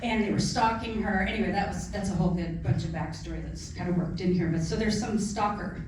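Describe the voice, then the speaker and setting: A woman's voice: medium pitch, brisk, a little mellow, slight background noise. A middle-aged woman speaks about her book in a casual, earnest way, with her heart showing. She is picked up from far off in a very echoey room, with faint ambience behind her. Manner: chatty, earnest, gets emotional. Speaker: author discussing her book. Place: library event room.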